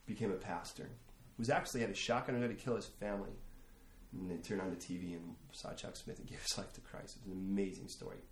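Storytelling pastor in an echoey hall. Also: male voice, lowish voice. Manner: storytelling, rising to animated emphasis. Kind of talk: sermon. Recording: echoey room, faint ambience.

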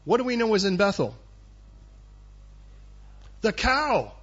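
A man's voice: high-pitched, big pitch swings, takes it slowly, a bit bright, husky, lo-fi sound. A male pastor preaching a sermon in a conversational, punchy way, quizzing his listeners.

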